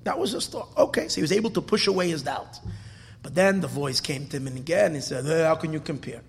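A man, a rabbi, telling a story in a dramatic sermon style, swinging from shouts to hushed whispers. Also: a little high, animated, fast talker, vocal fry, slight background noise. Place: hall at a Torah dedication. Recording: long echo of a hall.

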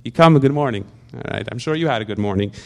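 A man's voice: on the low side, very fast, vocal fry. A man giving an informal religious talk, full of rhetorical questions, often stuck repeating a word before going on. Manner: repetitive stammering restarts, animated rhetorical questions.

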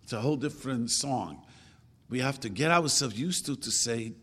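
An older man giving an informal religious talk, chatting casually and acting out quoted speech with sudden jumps in pitch. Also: animated, moderate pace, fairly bright tone, husky. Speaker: religious teacher. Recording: long hall reverb.

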